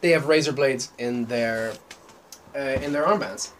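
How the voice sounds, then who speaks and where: A man's voice: mid-range voice, unhurried. Irish man, podcast co-host, wry, explains things, faint hiss. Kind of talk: casual chat.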